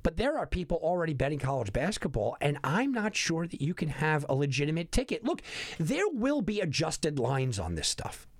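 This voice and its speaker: Male podcast host, sarcastic ranting delivery, gravelly voice, dry close mic. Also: a little high, very animated, normal speed, dry recording. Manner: exasperated, sarcastic, emphatic repetition. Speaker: sports betting podcast host. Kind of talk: animated opinion monologue.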